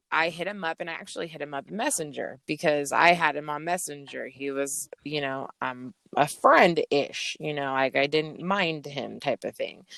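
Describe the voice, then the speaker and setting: Woman, podcast guest, blunt, swears a lot, gravelly, dry close sound. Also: deep voice, no room sound. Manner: blunt, heavy swearing, animated retelling. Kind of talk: casual storytelling.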